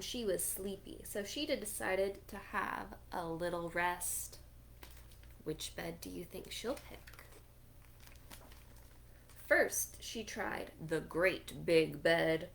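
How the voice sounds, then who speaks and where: A woman librarian reading a picture book aloud for children at storytime, animated, gasping and asking listeners questions. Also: medium pitch, a little hiss or hum.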